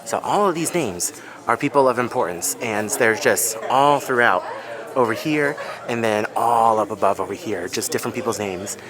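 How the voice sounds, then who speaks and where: A man's voice: fairly low pitch, normal speed, a crowd in the background. A man vlogging a hotel tour, gushing and exclaiming as he shows the rooftop and then a room to viewers. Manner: excitable, gushing, addresses viewers as guys. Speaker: theme park vlogger.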